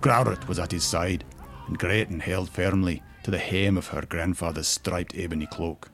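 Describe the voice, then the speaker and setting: A man narrating a fantasy story in a measured, expressive storytelling manner. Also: deep voice, soft background music. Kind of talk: audiobook-style fantasy story reading.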